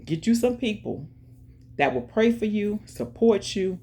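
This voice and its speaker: A woman hosting her own channel, chatting casually and directly to viewers, giving shout-outs and talking about faith. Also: mid-range voice, expressive, a little slow, slight background noise. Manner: chatty, talks straight to viewers with lots of "y'all". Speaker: YouTube channel host. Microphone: earphones in, music playing in her ear.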